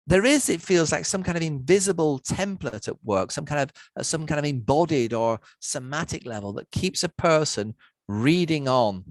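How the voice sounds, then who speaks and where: A man giving an academic lecture to university students online, measured and methodical, setting out word lists one item at a time. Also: mid-range voice, no echo, poor audio.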